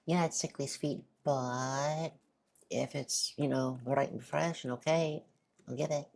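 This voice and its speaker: A woman's voice: extremely low pitch, steady tone, a little slow, gravelly, a little mellow. A woman streamer chatting casually through a game, talking while she eats. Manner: chatty, talks while eating. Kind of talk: casual let's-play chat.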